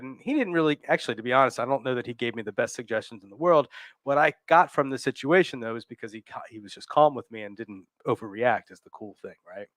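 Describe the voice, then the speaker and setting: A man hosts a frank conversation about recovery, speaking in a halting way with many fillers and repeated words. His voice sits in a middle register. The sound is dry and close. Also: mid-range voice, expressive, a bit bright, no echo. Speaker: host. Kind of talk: candid recovery talk.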